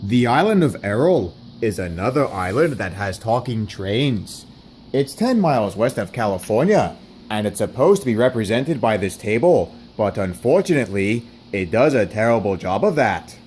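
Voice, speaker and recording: A man narrating a homemade toy-train story, plain and wry with deadpan asides. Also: on the low side, normal speed, slight background noise.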